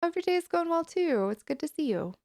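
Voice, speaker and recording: A woman streaming live, chatting with her viewers, reading their messages aloud and reassuring them gently and warmly. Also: extremely high pitch, sing-song, a little fast. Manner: gentle, reassuring and affectionate toward chat.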